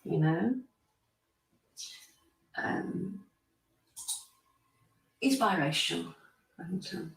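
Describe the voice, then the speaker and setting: Woman livestream host, gravelly, opinionated and chatty, sitting away from the mic in an echoey room. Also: fairly low pitch, lively intonation, drawn-out words, long pauses, far from the mic. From United Kingdom. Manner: opinionated, rambling, talks to chatters by name. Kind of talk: casual livestream chat reading comments.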